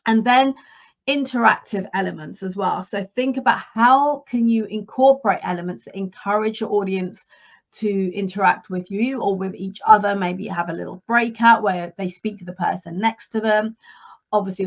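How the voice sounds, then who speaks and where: Woman coach, middle-aged, instructive podcast talk, medium pitch, slightly muffled recording. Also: moderate pace, vocal fry. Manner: instructive, steady, repeats key points. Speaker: leadership and career coach.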